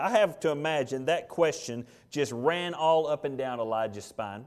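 A middle-aged man preaching a sermon, animated and acting out the complaints of Bible characters. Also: fairly high pitch, normal speed, hardly any pauses.

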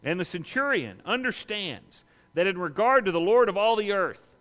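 A bright, forceful male voice preaching a sermon with vivid emphasis, often acting out the people in his passages. His words ring out with a long reverb, as in a large hall. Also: sits high, very animated, moderate pace. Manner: preaching with emphatic rises and dramatic quoted voices. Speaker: pastor.

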